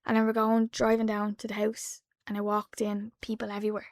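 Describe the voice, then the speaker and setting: A woman in her twenties with an Irish accent, a podcast guest telling a personal story in a soft, halting way that drops to a hush. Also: mid-range voice, completely flat delivery, no echo, studio quality. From Ireland. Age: 20s. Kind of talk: emotional personal account. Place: podcast studio.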